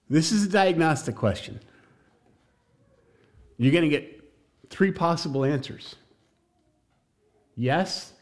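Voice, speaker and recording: A man teaching a church class on evangelism, jokey and emphatic, talking straight to his listeners. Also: fairly high pitch.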